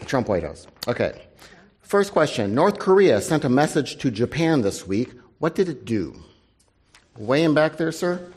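A man moderating a panel and running a news quiz for an audience, brisk and wry, dropping his voice for asides. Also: mid-range voice, big pitch swings, a little mellow, breathy edge. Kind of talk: live panel event hosting.

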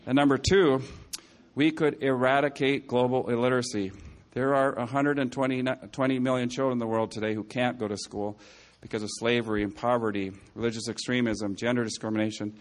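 Male speaker, mid-pitched, telling stories to a crowd, loose and digressive, correcting himself, dry wit. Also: fairly even intonation, brisk. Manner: rambling, frequent self-corrections and asides. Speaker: public speaker. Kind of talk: anecdotal speech to an audience.

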